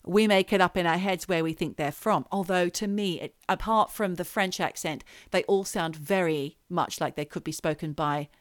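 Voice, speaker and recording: A woman's voice: on the low side, normal speed, few pauses, no room sound, clean studio sound. Chatty woman telling a story. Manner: storytelling, reads quotes aloud. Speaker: podcast co-host. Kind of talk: casual chat.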